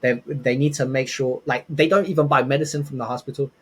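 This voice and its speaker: Fast and a bit breathy, with a medium pitch, a young podcast guest spins loose, lively anecdotes, often backing up to restart as he rambles through casual storytelling.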